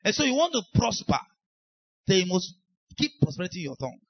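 A man's voice: high voice, sing-song, fast talker, husky, no room sound, lo-fi sound. A man with a Nigerian accent preaching a sermon as pastor, emphatic and acting out the voices of people he quotes. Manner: emphatic, acts out quoted speakers.

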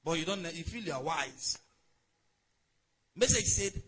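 A man's voice: a little high, lively intonation, a little slow, fairly bright tone, breathy edge, low-quality recording. A man preaching a sermon in a conversational way, calling on the congregation to respond. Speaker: pastor.

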